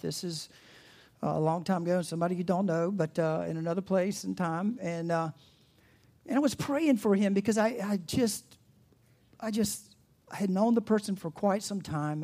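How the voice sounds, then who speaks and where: A pastor with a mid-range voice delivers an animated sermon, asking the congregation questions. In reflective passages he drops to a soft, hushed tone.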